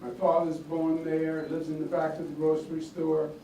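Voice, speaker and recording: An older political candidate from Queens, New York, with a Queens accent gives a folksy, emphatic campaign speech, repeating lines for effect. His voice is a little high and warm, at normal speed with a completely flat delivery. The echoey, distant recording, made in an echoey indoor office hall, carries faint noise.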